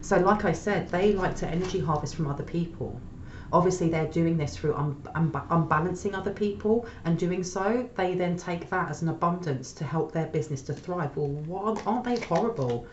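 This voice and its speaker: A woman's voice: lowish voice, a little fast, darkish tone, slight background noise. A woman giving a casual tarot reading to her viewers, chatting conversationally and often checking in with the listener. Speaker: tarot reader. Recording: echoey, dull lo-fi room sound.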